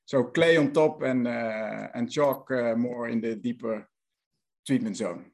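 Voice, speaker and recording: A middle-aged man with a Dutch accent, answering interview questions as a company director, explaining technical matters haltingly with many fillers. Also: mid-range voice, a little mellow. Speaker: guest, managing director of a remediation firm.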